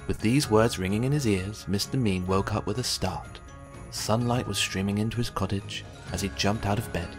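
Male storyteller, low voice, gentle and expressive, faint music behind. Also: normal speed. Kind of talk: children's book read aloud. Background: faint background music.

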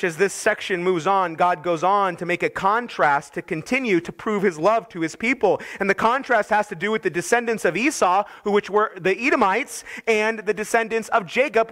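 Pastor delivering a sermon, high bright voice, earnest, climbs higher and louder when quoting God. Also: male voice, normal speed, few pauses. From United States. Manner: earnest preaching, rising in pitch and force when voicing God's words.

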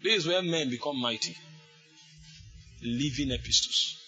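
A man preaching a sermon, fervent, with sudden shouted bursts. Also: mid-range voice, measured pace, faint music behind.

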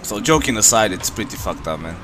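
Rambling low-voiced man from Romania. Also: fairly quick, background noise. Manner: relaxed, rambling, many fillers. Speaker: streamer. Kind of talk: casual chat with viewers. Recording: music playing behind.

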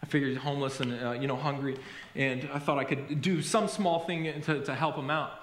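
A man preaching a sermon as a pastor, telling stories in an animated way with self-deprecating humor. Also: mid-range voice, brisk, reverberant, a little hiss or hum. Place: church sanctuary.

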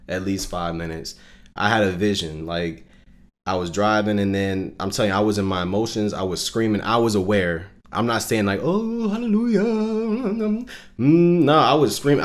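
A man telling a personal faith story on a casual podcast, earnest and emotional, with lots of fillers. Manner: rising pitch and loudness when recounting intense moments. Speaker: podcast co-host and Christian musician.

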